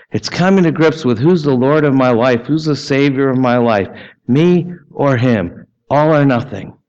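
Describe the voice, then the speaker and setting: A man, preaching a sermon in a conversational way, asking the congregation questions and adding casual asides. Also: medium pitch. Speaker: pastor. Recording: dull lo-fi sermon recording.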